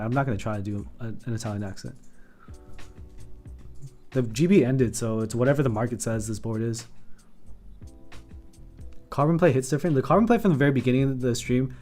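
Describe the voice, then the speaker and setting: A man with a mellow, dark voice rambles through a casual live stream, picking up chat questions and correcting himself mid-sentence. He sits at a home desk and talks into a condenser mic. Soft music plays faintly behind him. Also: mid-range voice, a little fast, long pauses. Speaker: keyboard streamer. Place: home room with sound panels in a corner. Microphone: condenser microphone at desk.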